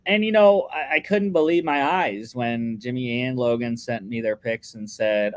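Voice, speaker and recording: A man's voice: medium pitch, moderate pace, hardly any pauses. A young man co-hosting a casual sports podcast, chatting through his football picks with lots of fillers and restarts.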